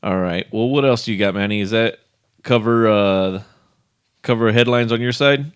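Low-voiced man in casual podcast chat. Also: moderate pace, clear, resonant tone, no room sound, clean studio sound. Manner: relaxed, laughs often, trailing restarts. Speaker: podcast co-host.

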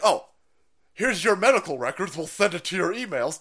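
Loud, lively, ranting man host. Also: a little high, a little fast, husky. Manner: loud sarcastic ranting, swearing, mocking voices. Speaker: political stream host. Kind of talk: profane ranting commentary.

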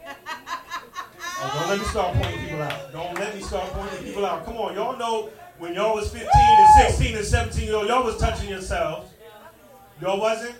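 Middle-aged guy doing stand-up, kinda high voice, punchy and loud, echoey club, mic far off, crowd noise behind. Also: wildly swooping pitch, moderate pace, over music. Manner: loud, punchy, teasing the audience. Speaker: stand-up comedian. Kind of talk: stand-up comedy set. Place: stage in a club with a live audience. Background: audience laughing and clapping.

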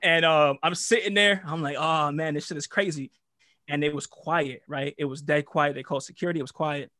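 Young man, New York accent, casual storyteller, profane and animated, dry close mic. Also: a little high, a little fast, no room sound. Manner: animated, profane, slangy, acts out voices. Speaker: guest storyteller.

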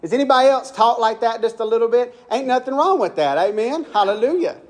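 A man's voice: very high-pitched, lively intonation, fast talker. A young man with a Southern accent from Mississippi, preaching a folksy storytelling sermon and asking the congregation questions.

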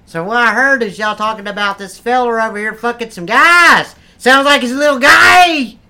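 Casual: guy playing a cussing hick preacher, loud and rambly, twangy and bright. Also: very high-pitched, normal speed, clean tone, exaggerated voice. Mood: preachy ranting. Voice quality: brash, profane, rambling. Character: crude loud Southern redneck churchgoing man. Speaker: comedic character. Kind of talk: improvised comedy role-play.

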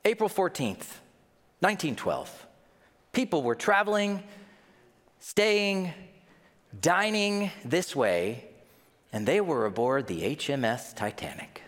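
A man's voice: fairly high pitch, sing-song, slow pace, pauses often, a bit bright. A man preaching a humorous, conversational sermon as pastor, joking and acting out his listeners' reactions. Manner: playful, jokey, acts out listeners' reactions. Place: church sanctuary. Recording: long reverb of a large hall.

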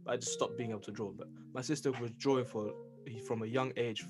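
A young man co-hosting a loose podcast chat, joking in slang and laughing often, his voice at a middling pitch. Clear guitar music plays beneath him. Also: steady tone, fast. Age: young adult. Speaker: podcast co-host. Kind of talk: casual chat.

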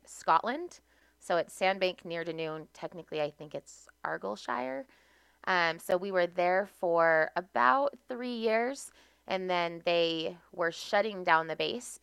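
A young American woman chatting as a podcast guest, her voice bright and lively in tone and slightly low in pitch. She tells her stories in a relaxed, talkative way with frequent laughter, recorded dry and close. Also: clear, resonant tone, no echo. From United States. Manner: chatty storyteller, laughs often. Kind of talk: casual podcast conversation.

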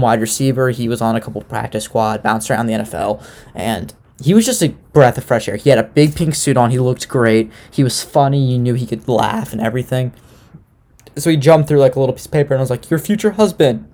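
A young man talking loosely and sarcastically, like a podcast host recapping television. His voice is mellow and dark, sitting at a middle pitch. He drops in a curse now and then without much fuss. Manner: loose, sarcastic, swears casually. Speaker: podcast host recapping a reality dating show. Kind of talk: casual chat.

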